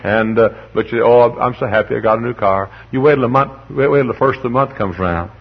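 A man's voice: medium pitch, fast, vocal fry, husky, muffled recording. A man preaching a sermon as pastor, rambling and humorous, repeating words as he tells stories and then rising to emphatic preaching. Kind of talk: sermon with folksy storytelling.

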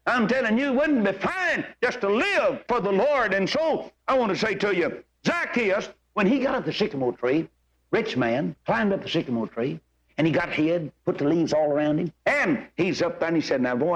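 A man's voice: on the high side, expressive, normal speed, muffled recording. An older man preaching a sermon, folksy and exhorting, full of homespun stories.

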